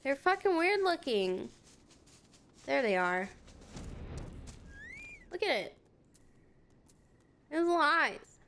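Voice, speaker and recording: A woman's voice: sits high, sing-song, slow pace, long pauses, a bit bright, a little hiss or hum. A young adult woman streaming a game with casual, playful commentary, chatty and swearing freely.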